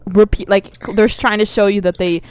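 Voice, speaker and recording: A woman's voice: mid-range voice, steady tone, smooth. A woman co-hosting a podcast, chiming in with wry comments during a casual movie roast. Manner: wry interjections and quick agreement. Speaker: podcast co-host.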